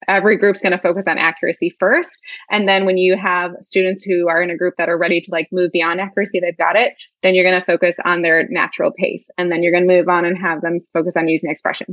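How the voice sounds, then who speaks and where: A woman's voice: on the low side, fairly bright tone, dry recording. A woman guest explaining teaching ideas in a chatty way, with lots of filler "like"s. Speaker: guest literacy educator. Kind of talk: casual conversational interview. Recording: dull lo-fi dry sound.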